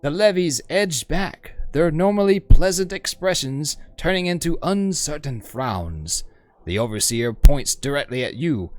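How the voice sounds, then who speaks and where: Lively, chatty male game streamer. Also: on the high side, measured pace, dry recording. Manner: chatty, self-mocking. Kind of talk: reading a game aloud with jokes.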